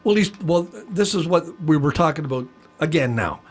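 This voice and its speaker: A man co-hosting a podcast in casual chat, retelling news with exasperated, animated restarts. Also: fairly high pitch, normal speed, breathy edge. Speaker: podcast co-host.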